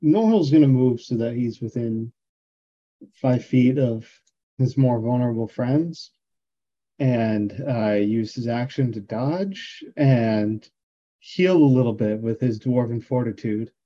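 Slow dark-voiced man player. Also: medium pitch, highs cut off. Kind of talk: casual chat at a game table.

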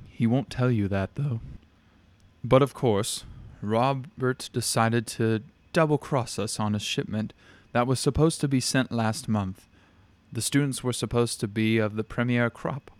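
A man voicing a calm, cruel alien entity with tendrils, explaining its plans in a matter-of-fact, menacing way. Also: medium pitch, unhurried, dry recording, natural voice. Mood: calm menace.

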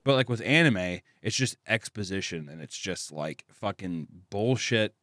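A man with a lively, swinging voice, bright and edgy in tone. He tells stories in loose, profane podcast banter, recorded close and dry. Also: deep voice, moderate pace, no room sound. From Southern United States. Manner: profane, animated storytelling. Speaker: animator, podcast guest. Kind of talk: casual podcast chat.

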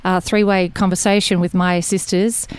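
Chatty Australian woman, clear voice. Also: lowish voice, level tone, normal speed. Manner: chatty, rambling storyteller with frequent laughs. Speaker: guest. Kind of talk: casual chat.

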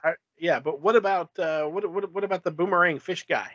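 A man's voice: high voice, fairly quick, a bit bright, highs cut off. A man in casual podcast chat, talking hesitantly with many filler words and restarts.

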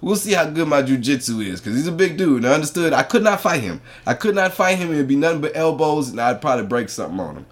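Male podcast co-host and comic, casual and profane, does animated high-pitched bits when he quotes people. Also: quick pace, hardly any pauses. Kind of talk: casual storytelling.

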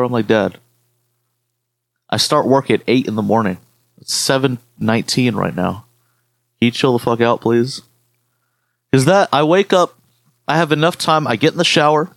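A man's voice: mid-range voice, normal speed, vocal fry, long pauses, dry recording. Swearing podcast guy, dry mic. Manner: swearing, rambling storytelling. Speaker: podcast co-host. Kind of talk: casual podcast chat.

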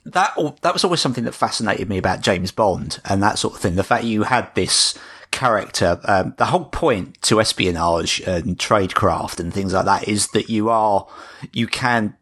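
A man's voice: lowish voice, expressive, normal speed, fairly bright tone, husky. A man chatting casually on a podcast, often restarting sentences and joking at his own expense. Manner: stammering restarts, self-deprecating humor. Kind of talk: casual chat.

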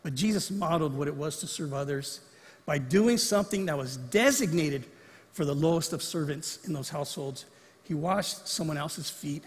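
A man preaching from the pulpit with a high voice, animated and fond of acting out the voices he quotes. The sound carries a long reverb from the church sanctuary around him. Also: normal speed. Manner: animated, acts out quoted lines. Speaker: pastor. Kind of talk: sermon.

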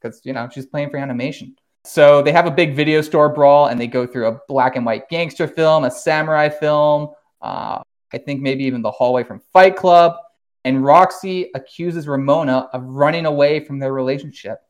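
A man hosting a podcast, recapping an animated series in an animated, casual way, swearing now and then and laughing often. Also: fairly high pitch, normal speed. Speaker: podcast host.

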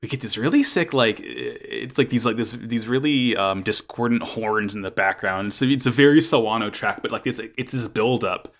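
A man's voice: medium pitch, normal speed, hardly any pauses. A man in casual chat recapping an anime episode as a podcast co-host, rambling with restarts and frequent swearing.

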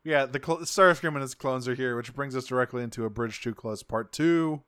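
Male podcast co-host, smooth crisp voice, dry close sound, casual and sweary. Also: medium pitch, a little fast, a bit bright, dry recording. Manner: loose, swears often, laughs while talking. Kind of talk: casual recap chat.

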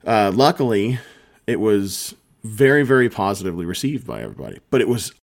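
A man's voice: fairly low pitch, sing-song, fairly quick, vocal fry. A man who runs tabletop games, co-hosting a podcast and explaining himself in an earnest, rambling way. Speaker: podcast co-host and game master. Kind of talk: casual chat.

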